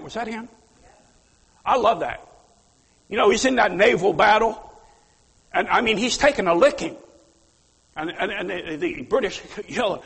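Male pastor, husky, emphatic sermon delivery, long church-hall reverb. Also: sits high, lively intonation, moderate pace, pauses often. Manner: fiery, emphatic preaching with sudden loud outbursts.

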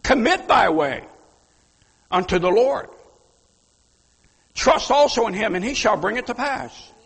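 A man preaching a sermon, fiery and emphatic, with sudden loud outbursts. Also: sits high, sing-song, measured pace, breathy edge, in a large hall. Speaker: pastor.

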